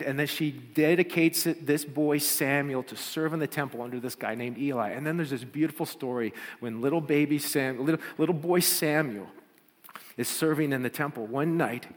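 A man preaching a sermon as pastor, often repeating words and building to fervent appeals. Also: a little high. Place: church. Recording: church hall reverb.

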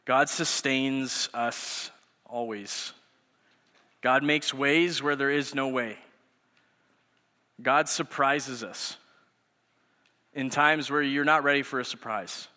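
A man's voice: mid-range voice, steady tone, takes it slowly, long pauses, sharp tone. A man in his thirties, a youth pastor, giving a sermon through conversational storytelling. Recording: echoey hall reverb.

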